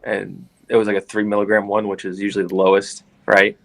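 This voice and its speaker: A man's voice: lowish voice, monotone, fairly quick, creaky. A young man co-hosting a podcast in casual chat, earnest and rambling with lots of fillers.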